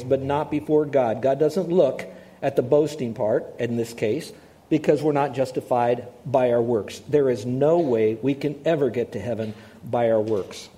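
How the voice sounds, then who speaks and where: A man's voice: medium pitch, warm tone. A man preaching a sermon in a conversational, storytelling way, asking his listeners questions as he goes. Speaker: pastor. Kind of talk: sermon with personal stories.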